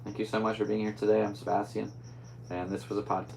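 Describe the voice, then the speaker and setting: A man's voice: lowish voice, level tone, quick pace, gravelly, a little mellow, a little hiss or hum, low-quality recording. A man hosting his own podcast alone, talking in a rambling, easygoing way with upbeat sign-offs. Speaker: podcast host. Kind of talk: casual solo podcast chat.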